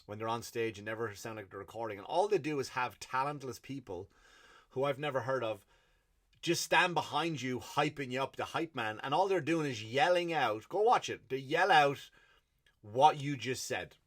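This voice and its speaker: A man's voice: mid-range voice, expressive, normal speed, a bit bright. A man with an Irish accent, a comedian hosting his own podcast, delivering a blunt, profanity-filled solo rant. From Ireland.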